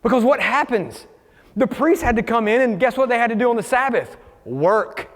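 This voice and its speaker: A man preaching a sermon as pastor, animated, acting out quoted voices as he goes. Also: very high-pitched, moderate pace, long reverb tail. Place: church sanctuary.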